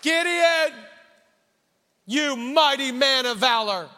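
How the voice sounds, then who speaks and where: A man's voice: extremely high pitch, lively intonation, pushed and bright, some chatter behind, voice pushed up, full character voice. A man voicing an angel who solemnly proclaims God's word. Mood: proclaiming. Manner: slow, proclaiming. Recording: reverberant hall.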